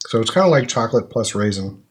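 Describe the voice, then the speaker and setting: A man's voice: on the low side, animated, fast, slightly rough. A man co-hosting a podcast, casually tasting snacks and describing the flavors step by step in a musing way. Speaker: podcast co-host.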